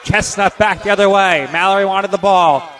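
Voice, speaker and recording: A man calling live basketball play-by-play, reeling off passes and shots in quick calls and getting louder on the big scores. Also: high-pitched. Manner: rapid-fire calls, bursts of excitement on scores. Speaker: play-by-play announcer.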